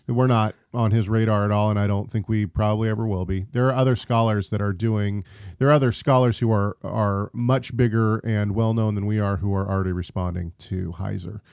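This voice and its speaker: A man's voice: on the low side, steady tone, a little fast, creaky, darkish tone, clean tone, no room sound, studio quality. A man co-hosting a theology podcast, reading listener questions in a casual, hesitant way with frequent ums and restarts. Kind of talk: casual chat about theology.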